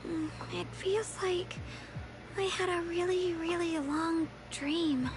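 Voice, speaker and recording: A woman's voice: very high voice, steady tone, slow. An actress playing a determined, loyal young swordswoman who speaks earnestly. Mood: worried. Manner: earnest, resolute. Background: game music.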